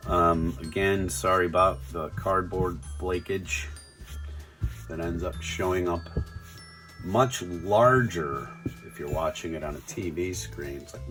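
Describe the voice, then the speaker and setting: Low, slow-talking middle-aged man. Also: a bit bright, faint music behind. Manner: halting, full of ums and restarts; fond, chatty collector. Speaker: toy reviewer. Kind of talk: casual unboxing review.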